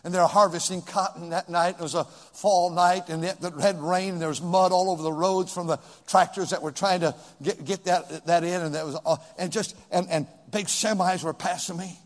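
A high-voiced man preaching from the pulpit, his sermon echoing with a long reverb through a church hall. He lurches between loud, shouted pleading and soft, hushed prayer, keeping the congregation close. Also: fairly even intonation, moderate pace, few pauses. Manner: swings from shouted pleas to hushed, near-whispered prayer. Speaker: pastor. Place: church sanctuary.

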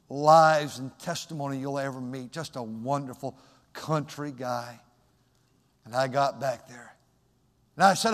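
A man preaching a sermon, moving from quiet storytelling to loud, shouted exhortation. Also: on the high side. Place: church sanctuary. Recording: long hall reverb.

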